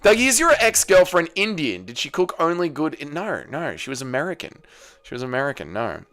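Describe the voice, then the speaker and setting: A man's voice: on the high side, big pitch swings, a little fast, fairly bright tone. A young man hosting a casual livestream, reading viewer messages aloud and answering them with crude, joking banter. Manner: crude, joking, swears a lot. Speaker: livestream host.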